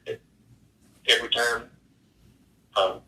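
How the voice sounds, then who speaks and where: Man, homeowner, hesitant and rambling, sharp bright timbre, heard from far off in an echoey space. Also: mid-range voice, steady tone, takes it slowly. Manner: hesitant, rambling with many fillers. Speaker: homeowner describing a haunting.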